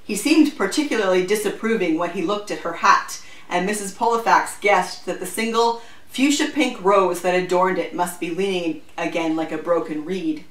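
A woman reading a novel aloud in a measured, even storytelling manner. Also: on the low side. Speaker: book reviewer. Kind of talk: scripted narration. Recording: roomy echo, distant mic.

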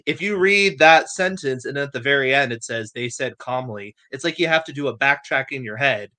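A man with a mid-range voice and a bright, forward tone talks through his thoughts on writing. He reasons out loud, building his point with examples in an easy conversational way. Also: mid-range voice, a little fast, no room sound. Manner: conversational, thinks aloud with examples. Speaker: co-host of a writing advice show. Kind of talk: casual discussion on editing fiction.

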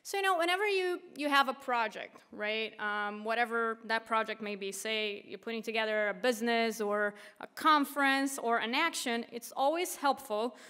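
A woman from Brazil gives an activist talk in a casual, conversational way, full of fillers. Her voice is fairly high and rings with a long reverb in a large hall. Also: moderate pace, hardly any pauses, sharp tone, clean tone. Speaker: conference speaker, activist. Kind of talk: conference talk.

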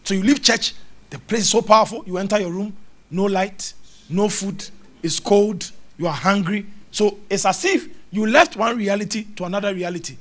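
A man preaching a charismatic sermon, animated, acting out little scenes with mimicked voices and sounds. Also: sits high, normal speed. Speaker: prophet preaching.

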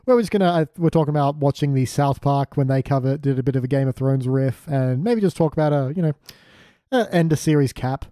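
A man co-hosting a podcast in a relaxed, chatty way, his voice mellow and warm. He sits in the middle pitch range for a man and sounds close and dry, with no room around him. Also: fast, no room sound. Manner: relaxed, chatty, reads the show's plug in a mock announcer voice. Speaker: podcast co-host. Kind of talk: casual chat.

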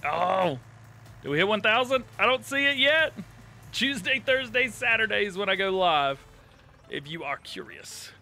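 Excitable gamer streaming live. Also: male voice, high voice, measured pace. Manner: excitable, laughs often, thanks chat warmly. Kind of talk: casual live stream chat. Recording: light game music behind.

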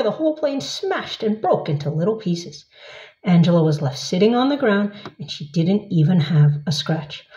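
A woman reading a children's picture book aloud with expressive storytelling. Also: fairly high pitch. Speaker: storybook reader. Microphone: camera at a short distance. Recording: echoey, slightly dull room sound.

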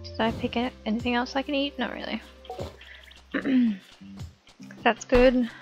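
A woman's voice: fairly high pitch, fairly even intonation, a little slow, highs cut off, over music. A woman giving rambling, giggly commentary while playing a video game. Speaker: gaming YouTuber. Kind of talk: casual let's-play commentary.

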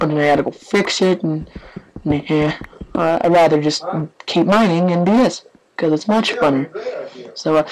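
Rambling, jumpy gameplay host, mid-pitched, chatty, prone to yelps and whispers. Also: vocal fry, slight background noise, low-quality recording. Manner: rambling, excitable, swings between yelps and hushed whispers; yawning, offhand chatter with many fillers. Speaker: gaming channel host. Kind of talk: live gameplay commentary.

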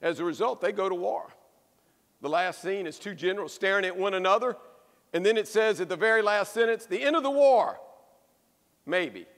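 High-voiced pastor preaching in an echoey church. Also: male voice, a little fast. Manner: lively storytelling with emphatic repetition. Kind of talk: sermon.

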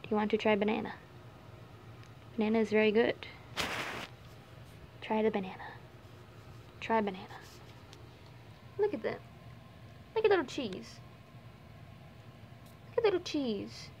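A woman's voice: animated, measured pace, vocal fry, long pauses, darkish tone, muffled recording, a little hiss or hum. A young woman vlogging at home by a bunny cage. She talks casually to her viewers and coos and scolds the pets in a sing-song voice, with the camera resting on her knees. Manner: chatty, coos and scolds pet bunnies in a high sing-song voice. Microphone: handheld camera set on her knees.

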